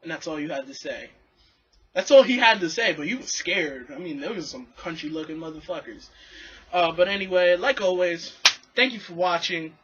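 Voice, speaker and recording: A young man talks to his camera in a high, bright voice with some rasp. He tells the story animatedly and with plenty of swearing. The recording sounds dull and lo-fi. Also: moderate pace. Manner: animated, swearing, acts out quotes. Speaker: vlogger. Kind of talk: casual profane storytelling to camera.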